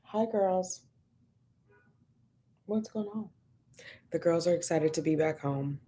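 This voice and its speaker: A woman's voice: fairly low pitch, slow pace, warm tone. A woman casually chatting at home on a livestream, laughing often and greeting viewers by name. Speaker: vlogger hosting a livestream.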